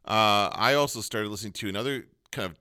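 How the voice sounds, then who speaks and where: A man's voice: lowish voice, fast, pushed and bright, smooth. A man co-hosting a podcast, chatting casually about shows he likes, with lots of fillers. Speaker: podcast co-host. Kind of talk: casual chat.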